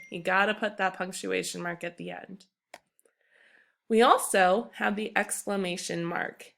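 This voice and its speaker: A woman's voice: medium pitch, vocal fry, fairly bright tone. A young woman teacher giving an upbeat, emphatic recorded grammar lesson to her class. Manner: upbeat, emphatic classroom delivery, reads examples aloud.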